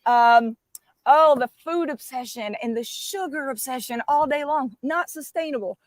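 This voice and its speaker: A woman's voice: high-pitched, normal speed, no room sound. A middle-aged woman, talking with emphatic enthusiasm as a guest on a live stream. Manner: fired up and emphatic. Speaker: guest speaker.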